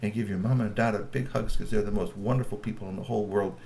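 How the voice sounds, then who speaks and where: A man telling a child a bedtime story in an expressive, animated way. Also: lowish voice, quick pace, creaky, a little hiss or hum. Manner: animated, expressive, acts out characters.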